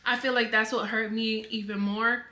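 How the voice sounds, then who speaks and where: A woman's voice: a little high, flat delivery, normal speed, pushed and bright. A young woman vlogger talking casually to camera, defending herself in a rambling way with lots of filler words.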